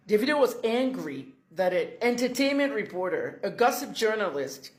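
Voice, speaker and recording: A woman talks to her fans in a casual vlog, chatty and indignant. Her voice sits at a middle pitch. The room around her rings with echo. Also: very animated, normal speed, few pauses. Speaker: commentator.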